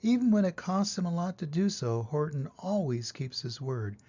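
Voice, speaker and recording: An older grandfather reading a rhyming children's book aloud in a sing-song way, then giving gentle advice to a child. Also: fairly high pitch, lively intonation, normal speed. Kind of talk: storybook read-aloud. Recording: lo-fi dull recording.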